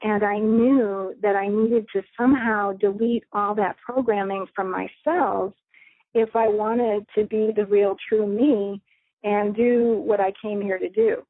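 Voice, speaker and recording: A middle-aged woman with a gravelly, dry voice tells her life story earnestly, pausing to reflect and laughing softly now and then. Her voice comes through a thin, narrow phone line. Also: mid-range voice, fairly even intonation, no room sound. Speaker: radio host. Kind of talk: personal storytelling.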